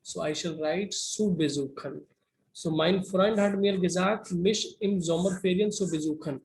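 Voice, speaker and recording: Slow, high-voiced man teaching German grammar. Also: vocal fry, a little mellow, poor audio. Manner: slow, methodical, with repeated "right?" checks. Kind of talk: explaining grammar rules to students.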